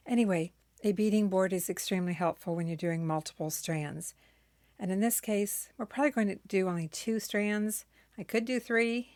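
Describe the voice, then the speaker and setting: A woman demonstrates a craft project in a relaxed, conversational way. She thinks aloud as she works and drops friendly tips for the viewer. Her voice sits a little low for a woman. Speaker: jewelry-making channel host. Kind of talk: casual how-to demonstration.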